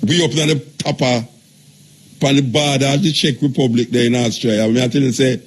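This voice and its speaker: A man's voice: medium pitch, fairly even intonation, fairly quick, husky. A man with a Jamaican accent hosting a radio talk show, preaching in drawling patois and teasing his callers.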